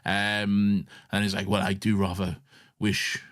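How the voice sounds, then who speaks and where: A man's voice: on the low side, flat delivery, a little slow, a bit bright. A man co-hosting a podcast in casual chat, laughing often and slipping into silly voices. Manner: giggly, puts on silly voices, trails off. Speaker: podcast co-host.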